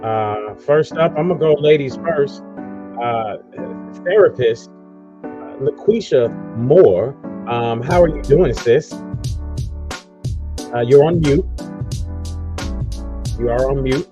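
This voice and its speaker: A man's voice: mid-range voice, expressive, slow, pauses often, highs cut off, over music. A man hosting a casual online radio talk show, rambling loosely through promos and introductions. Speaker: host.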